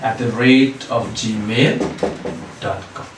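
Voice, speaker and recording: A man teaching a recorded lesson, asking questions and answering them himself in a deliberate way. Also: medium pitch, steady tone, noisy background. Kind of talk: recorded online English lesson. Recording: echoey room.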